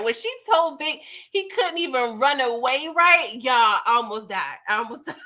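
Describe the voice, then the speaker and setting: A woman's voice: fairly high pitch, expressive, a little slow, bright, forceful tone. A woman giving a casual, slangy recap of a TV episode, chatty and laughing often. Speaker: TV recap reviewer.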